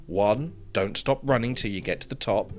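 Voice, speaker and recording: A man's voice: on the low side, moderate pace, close to an everyday voice. A man voicing an upbeat, sporty dad who coaches his jogging buddy with cheerful teasing. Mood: coaching.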